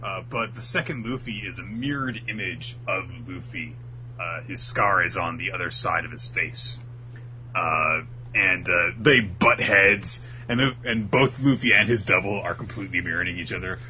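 A man's voice: low voice, normal speed, sharp tone, slight background noise, rough recording. A man co-hosting a podcast, casually retelling an episode with a laid-back, filler-heavy manner. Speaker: podcast co-host recapping anime. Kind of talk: casual chat.

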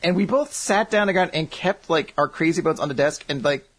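A man's voice: a little high, a little fast, a bit bright. A young man co-hosting a podcast, chatting casually and telling stories with lots of laughs and casual swearing. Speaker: podcast co-host. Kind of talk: casual chat, storytelling.

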